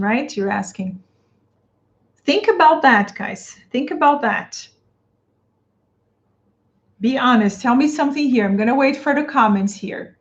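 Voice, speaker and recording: Her fairly high voice comes through dull, lo-fi stream audio. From Brazil and speaking with a Brazilian Portuguese accent, she coaches English teachers live, responding to viewer comments, addressing the audience directly, and repeating phrases.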